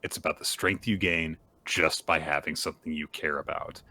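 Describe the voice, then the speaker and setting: A man co-hosting a manga podcast, casually recapping chapters and acting out characters' lines with lively energy. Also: very deep voice, normal speed, a little hiss or hum.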